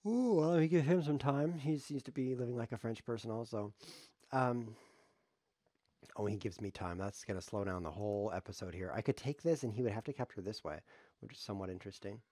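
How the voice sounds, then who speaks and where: A man's voice: lowish voice, brisk, a little mellow, dry recording, studio quality. A man giving rambling, jokey live commentary on his own chess game, thinking aloud as he streams.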